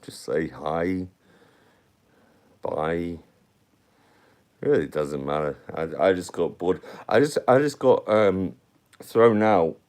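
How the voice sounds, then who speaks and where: A man's voice: low voice, takes it slowly, pauses often, a little mellow. A man chatting casually and rambling to viewers on a live stream. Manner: rambling, chatty, talks to the chat.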